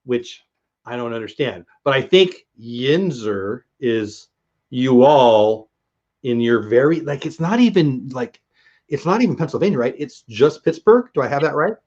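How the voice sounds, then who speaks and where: A man's voice: mid-range voice, lively intonation, a little slow, darkish tone. A man from San Diego hosting a livestream interview, talking in a rambling, self-deprecating, chatty way. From San Diego, USA. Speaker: livestream host. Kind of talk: casual interview chat. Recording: slightly dull lo-fi audio.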